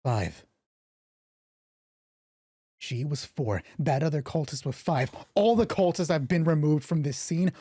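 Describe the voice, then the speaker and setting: A man narrating and rolling dice for a solo tabletop game stream, excitable and swearing freely, his voice getting hoarse. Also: a little high, measured pace, long pauses, dry recording. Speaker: game master.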